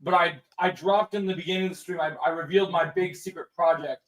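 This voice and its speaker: A man's voice: fairly high pitch, fairly even intonation, fast talker, a bit bright, far from the mic, rough recording. A young man hosting a livestream in casual chat, rambling with frequent restarts and repeats. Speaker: livestream host.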